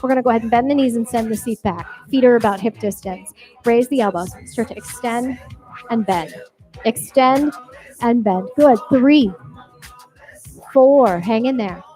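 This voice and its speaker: A woman's voice: a little high, normal speed, dark tone, rough recording. A woman fitness instructor leading a barre class, counting reps and giving encouraging cues with cheerful whoops. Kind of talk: cueing a workout class. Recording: music playing behind. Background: workout music.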